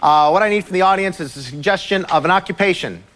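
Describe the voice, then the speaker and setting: Fast-talking male comedy show host. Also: high voice, a crowd in the background. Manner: chatty and loose, with filler "uh"s. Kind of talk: upbeat show hosting to a live audience. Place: large green-screen soundstage with a live audience. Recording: live studio audience and background noise.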